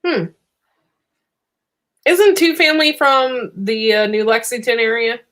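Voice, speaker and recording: A woman's voice: fairly high pitch, expressive, unhurried, fairly bright tone. A woman co-hosting a casual livestream, mostly chiming in with short reactions and questions. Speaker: livestream co-host. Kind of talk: casual chat.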